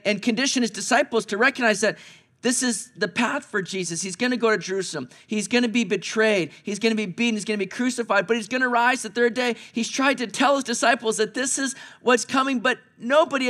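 A man pastor preaching an Easter sermon, moving between hushed, slow passages and raised, urgent ones. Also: sits high.

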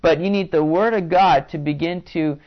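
A man's voice: fairly high pitch, moderate pace. Man preaching a casual sermon, lo-fi. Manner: conversational preaching with frequent restarts and fillers. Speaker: pastor. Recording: dull lo-fi sound.

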